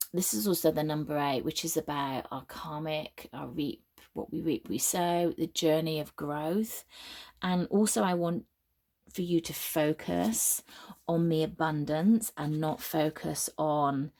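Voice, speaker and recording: Low-voiced woman doing a tarot reading. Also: steady tone. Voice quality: croaky. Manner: soft, halting, with many ums and restarts. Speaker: tarot reader. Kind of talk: spoken tarot reading to camera.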